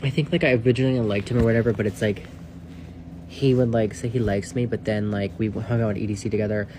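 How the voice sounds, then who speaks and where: A man telling a casual storytime, rambling and swearing, leaning on "like" and dropping into hushed asides. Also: on the low side, steady tone, fast talker, background noise. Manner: rambling, profane, heavy use of "like"; drops to a hushed whisper for asides.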